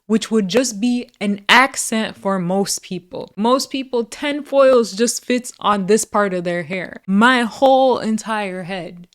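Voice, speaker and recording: A young woman in a casual vlog, talking low-energy and glum, confiding with rueful little laughs. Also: slow pace. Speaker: beauty vlogger. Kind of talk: casual vlog talk to camera.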